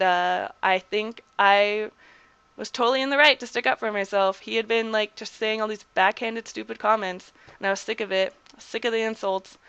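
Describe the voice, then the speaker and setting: A young woman talks straight into her streaming mic, blunt and heated, peppering every sentence with "like" and curses. Her voice is bright and clean, sitting a little high, and the sound is dry and close. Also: clean tone, no room sound. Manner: blunt, heated, heavy use of "like" and swearing. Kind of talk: casual storytelling on a livestream.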